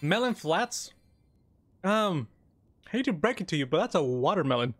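A man giving casual, joking gameplay commentary, excitable and sometimes talking with his mouth full of cookie. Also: a little high, normal speed, soft background music. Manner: excitable, joking, talks while eating. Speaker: gaming YouTuber.

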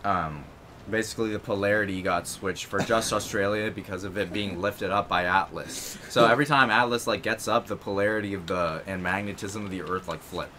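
A man's voice: on the low side, a little fast, sharp tone, a little hiss or hum. A man rambling through an improvised story with lots of fillers while playing a game with friends. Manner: rambling with many fillers, laughing at himself. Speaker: gamer telling an improvised story.

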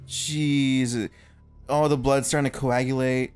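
A man's voice: medium pitch, little pitch movement, unhurried, faint music behind. A young man hosting casual let's-play commentary, casually explaining the game's story to his co-host. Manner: explains the game plot casually.

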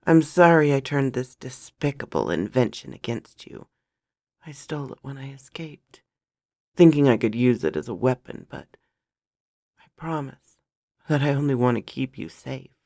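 A woman voicing a gentle, remorseful young male magician in a storybook reading, speaking softly and apologetically. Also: a bass voice, lively intonation, moderate pace, dry recording, clean studio sound. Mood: urgent. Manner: soft, apologetic, emotional. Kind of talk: storybook reading of a fantasy romance.

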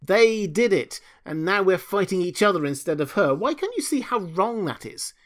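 A man voicing a belligerent, sneering man who shouts in an audiobook. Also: high-pitched, sing-song, normal speed, pitched above the performer's own voice. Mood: outraged. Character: bitter, belligerent young man. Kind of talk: audiobook dialogue.

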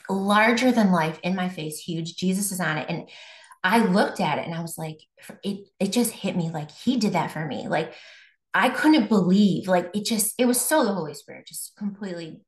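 Woman, young adult, from Buffalo, faith testimony, low-ish voice, restarts and fillers, echoey room. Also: lively intonation, moderate pace. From Buffalo, New York. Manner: conversational, many fillers and restarts. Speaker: guest. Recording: roomy echo.

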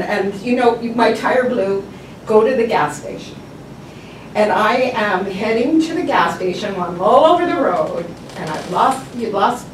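A woman sharing a testimony in a casual, animated way, laughing often as she tells her story in a church setting. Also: mid-range voice. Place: church hall. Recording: echoey room, far mic, background noise.

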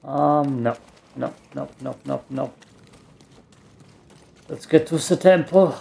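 A man's voice: mid-range voice, takes it slowly, vocal fry, dark tone. A man with a German accent, a native German speaker, giving rambling, self-mocking let's play commentary and cursing at the game. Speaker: gamer.

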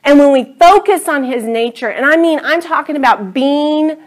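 A woman's voice: high-pitched, animated, moderate pace. A middle-aged woman teaching a class Bible study, earnest and enthusiastic, often drawing her words out.

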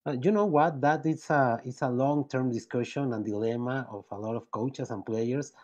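Warm-voiced non-native host, muffled audio. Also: male voice, mid-range voice. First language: not English. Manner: halting, repeats words, reads viewer messages. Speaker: podcast host. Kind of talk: interview hosting.

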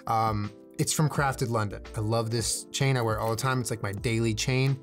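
A man's voice: mid-range voice, fairly even intonation, normal speed, faint music behind. A young man casually chatting in a vlog, rambling with jokey, self-deprecating asides as he shows off his jewelry. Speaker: streamer showing his jewelry. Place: indoors at home, on camera.

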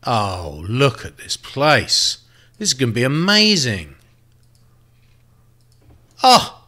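A man's voice: medium pitch, wildly swooping pitch, slow, pushed and bright. A man giving casual gameplay commentary, thinking aloud and swearing freely as he plays. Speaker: let's play host.

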